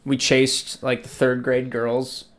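A man's voice: mid-range voice, monotone, slow pace. A man in casual chat, laid-back and swearing while he tells school stories.

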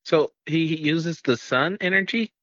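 A man co-hosting a casual movie review podcast with a bright, forward voice, chiming in with wry jokes. His dull, lo-fi mic sounds close and dry. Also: fairly high pitch, a little slow, no room sound. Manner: joking, chimes in with wry remarks. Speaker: podcast co-host.

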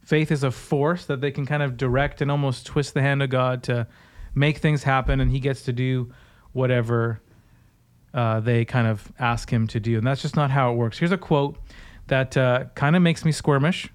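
A man's voice: medium pitch, fairly even intonation, normal speed, smooth. A man co-hosting a podcast, chatting casually and laughing as he reads out quotes in mocking voices. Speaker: podcast co-host. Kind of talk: casual chat with quoted impressions.

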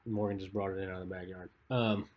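A man co-hosting a podcast, telling stories in a laid-back, rambling way and trailing off quietly at the ends of phrases. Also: low voice, little pitch movement, fast talker. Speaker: podcast co-host. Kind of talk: casual chat.

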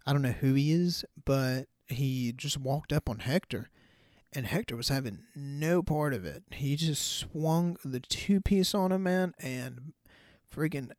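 A man's voice: mid-range voice, darkish tone, no room sound, studio quality. A man hosting a podcast alone, talking in a loose, chatty, profane way with lots of fillers and restarts. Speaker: podcast host. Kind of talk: casual solo podcast rant.

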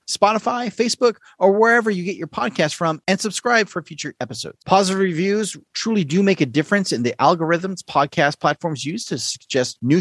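A man's voice: fairly high pitch, a bit bright, breathy edge, no echo, clean studio sound. A man hosting a music quiz podcast in a playful, teasing manner. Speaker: game show host.

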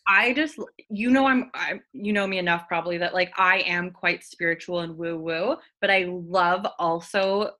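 A woman's voice: lowish voice, moderate pace, hardly any pauses, sharp tone. A woman hosting a podcast, chatting casually and giving her guest short, supportive replies. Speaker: podcast host. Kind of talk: casual interview chat.

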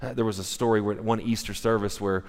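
A man's voice: lowish voice, fast talker. Man preaching in a reverberant church hall. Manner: conversational, animated, with restarts and acted-out quotes. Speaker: pastor. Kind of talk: sermon storytelling. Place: church sanctuary. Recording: long reverb in a large hall.

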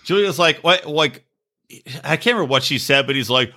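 A man co-hosting a podcast in casual chat, profane and animated, often mocking people in quick put-on voices. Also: medium pitch. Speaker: podcast co-host.

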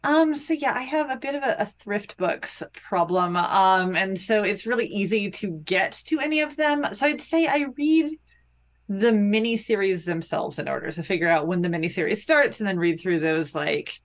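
A woman guest on a podcast who talks in a relaxed, hedging way and opens her answers with "yeah so". Her pitch sits in the middle of the usual range. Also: moderate pace. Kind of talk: casual podcast chat.

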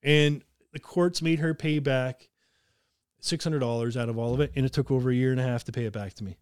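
A man's voice: mid-range voice, fairly quick, clean tone, dry recording, studio quality. A man from Canada hosting a podcast, telling a story in casual chat with lots of swearing. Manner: profane, animated storyteller. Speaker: podcast host.

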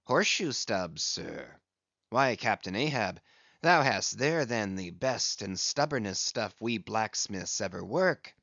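A man reading an audiobook, voicing a weary, scarred old blacksmith who speaks quietly, low and resigned. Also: expressive, slow pace, creaky, no room sound, lo-fi sound, full character voice.

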